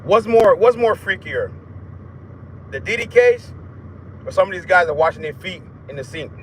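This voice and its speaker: A man's voice: sits high, expressive, moderate pace, a little hiss or hum. A man hosting a live stream, chatting casually and telling crude stories with swearing and laughter. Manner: loud, profane, storytelling with laughs.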